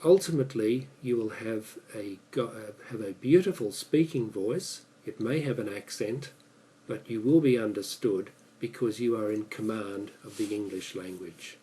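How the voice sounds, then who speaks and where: A man with an Australian accent giving a measured, prepared speech as an English speaking coach. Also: lowish voice, mellow, low-quality recording. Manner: measured, deliberate delivery.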